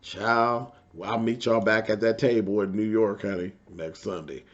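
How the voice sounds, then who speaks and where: A man's voice: lowish voice, fairly even intonation, moderate pace, lo-fi sound. A man hosting a casual reality TV recap, talking in a sassy, emphatic way and repeating his points for effect. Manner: sassy, emphatic, repeats points, calls viewers "child" and "honey".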